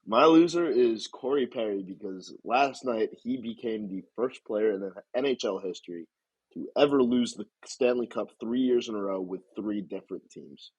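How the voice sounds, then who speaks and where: Low, husky-voiced man. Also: normal speed, a little mellow, highs cut off. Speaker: podcast co-host. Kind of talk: casual sports podcast banter.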